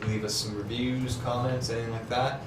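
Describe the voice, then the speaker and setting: A man's voice: medium pitch, flat delivery, a little fast. A man co-hosting a casual podcast, hesitant and agreeable, with many fillers. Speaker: podcast co-host. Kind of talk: casual chat. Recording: echoey room, distant from mic, noisy.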